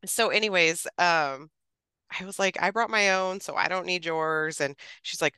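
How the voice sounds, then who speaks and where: Podcast guest, woman in her 30s, bright crisp voice, dry close sound, lively storyteller. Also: lowish voice, moderate pace, no echo. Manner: chatty, quotes others animatedly, laughs often. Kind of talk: casual storytelling.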